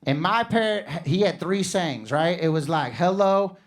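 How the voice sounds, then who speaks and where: A man in his thirties from Missouri doing a stand-up comedy set, animated and jumping into loud mock voices for his bits. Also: a little high, moderate pace. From Missouri, USA.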